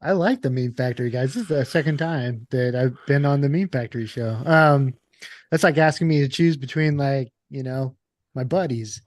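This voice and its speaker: A man's voice: mid-range voice, moderate pace, no room sound. A man appearing as a guest on a casual stream, easygoing and friendly in his answers.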